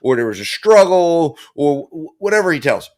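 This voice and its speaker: A man's voice: on the high side, very animated, normal speed, a little mellow. A man giving impassioned legal commentary as host of a true crime analysis show, talking bluntly and emphatically with frequent cursing. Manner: emphatic and blunt, with frequent profanity and repeated phrases.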